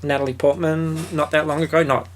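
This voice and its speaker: A man's voice: on the high side, flat delivery, a little fast, a little hiss or hum. A man co-hosting a film review podcast, talking in a loose, rambling way with fillers, restarts and casual swearing. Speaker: podcast co-host.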